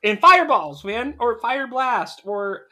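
Animated, emphatic young podcast co-host. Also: a little slow. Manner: animated, argues emphatically with big pitch jumps. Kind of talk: casual chat.

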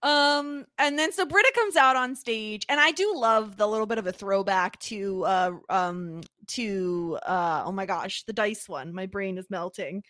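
A woman co-hosting a podcast, chatting excitedly and giggling as she recaps a TV episode. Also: medium pitch, measured pace, hardly any pauses, no echo, studio quality. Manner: excitable, giggly, quotes lines and hums tunes. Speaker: podcast co-host. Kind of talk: casual chat recapping a TV episode.

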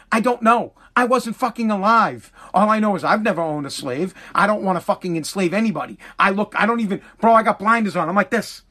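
A man's voice: high-pitched, fairly bright tone. A man delivering a casual ranting monologue, profane and exasperated, full of stumbling restarts, talking into a close mic. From Massachusetts. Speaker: commentator.

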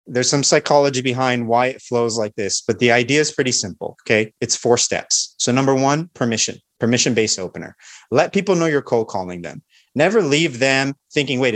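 A man of ordinary pitch explains, confident and instructive, how to open a sales call. He talks through each step in a clear, practical way. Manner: confident, instructive, acts out sample calls. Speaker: sales expert guest.

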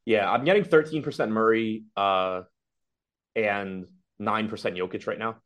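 A man with a lowish, slightly bright voice co-hosts a fantasy basketball podcast. In casual sports betting chat, he thinks aloud rapidly and analytically as he breaks down player ownership and projections.

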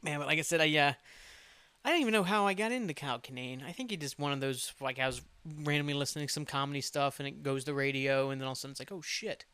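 A man's voice: on the high side, racing, pushed and bright, smooth, dry recording. A man hosting a solo podcast, rambling casually, swearing freely and poking fun at himself. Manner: rambling, profane, self-mocking. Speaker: podcast host.

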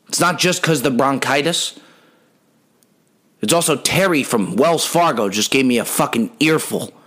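A man's voice: a little high, a bit bright. A young adult man hosting a comedy podcast, telling rambling, profane stories in a brash, joking way. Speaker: podcast host.

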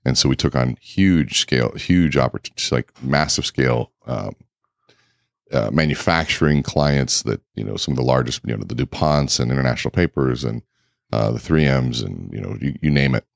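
Very deep gravelly-voiced man telling stories. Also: moderate pace, no room sound, clean studio sound. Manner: animated anecdotes with quoted dialogue. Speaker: keynote speaker and guest. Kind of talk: casual interview storytelling.

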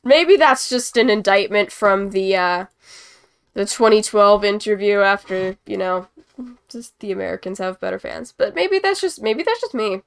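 A woman's voice: medium pitch, lively intonation, moderate pace, gravelly, smooth. A young woman hosting a casual live-stream hockey chat, rambling and giggly while she paints as she talks. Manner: rambling, giggly, self-deprecating. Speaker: host.

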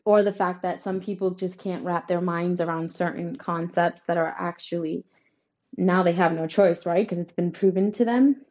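A woman's voice: fairly low pitch, steady tone, moderate pace, darkish tone, muffled recording. A woman giving a horoscope reading straight to her listeners, emphatic and reassuring, often tagging her points with "right?". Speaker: astrology reader. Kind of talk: tarot-style horoscope reading to camera.

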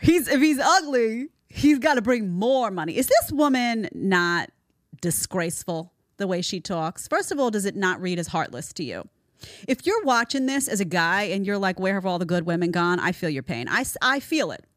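A woman's voice: mid-range voice, sing-song, normal speed, no echo. Emphatic woman host, dry close sound. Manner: emphatic, repeats phrases for stress. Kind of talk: reaction commentary. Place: studio in Florida.

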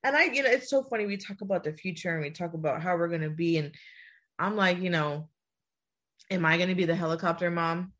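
A young woman in casual chat, animated and laughing often as she talks through tears. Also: lowish voice, fast talker.

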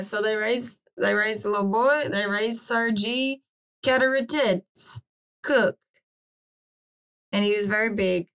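A woman co-hosting a casual podcast, chatting playfully and reading old excerpts aloud slowly. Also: medium pitch, steady tone, a bit bright, clean tone, low-quality recording. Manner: playful, reads slowly and carefully. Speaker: podcast co-host.

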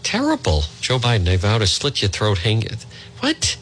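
A man's voice: lowish voice, a little fast, fairly bright tone, a little hiss or hum. A man hosting a talk radio show, blunt and sarcastic, heckling the news he reads. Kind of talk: opinionated radio commentary.

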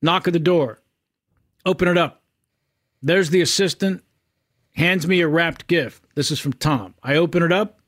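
A man's voice: fairly high pitch, normal speed, long pauses, a bit bright, no room sound, studio quality. A man, an actor guest, telling a comic anecdote in punchy, clipped sentences.

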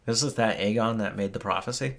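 A man co-hosting a podcast in casual chat, passing on news in a wry, deadpan way. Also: fairly low pitch, quick pace, creaky. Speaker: podcast co-host.

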